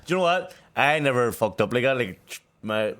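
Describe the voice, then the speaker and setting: A man's voice: medium pitch, expressive, normal speed, a bit bright. A man in his thirties, a podcast co-host in casual chat, blunt and swearing.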